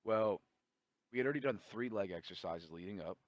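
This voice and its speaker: Low-voiced guy telling a gym story, cussing constantly, dead dry mic. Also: brisk, no room sound. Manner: profane, animated storytelling with quoted dialogue. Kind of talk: casual storytelling chat.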